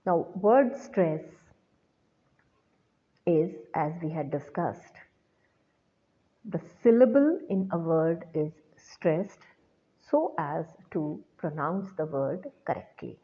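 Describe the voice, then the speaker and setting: A woman teacher giving a recorded lecture, explaining slowly and deliberately to students. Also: deep voice, lively intonation. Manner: slow, deliberate classroom explanation. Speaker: English teacher. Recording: tinny phone-like sound.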